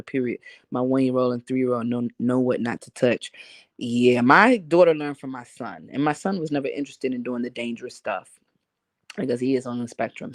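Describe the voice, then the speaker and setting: A Harlem woman with a slightly mellow bass voice hosts a casual livestream, reading comments from chat in a blunt, joking manner with frequent laughter. Her New York accent leans a little Southern, and her phone mic picks up no echo.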